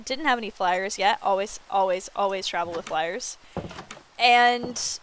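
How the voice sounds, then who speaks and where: A woman streamer chatting casually while she plays a building game, telling stories with animated, excited quoted reactions and swearing freely. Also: mid-range voice, moderate pace, smooth. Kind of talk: casual chat while gaming.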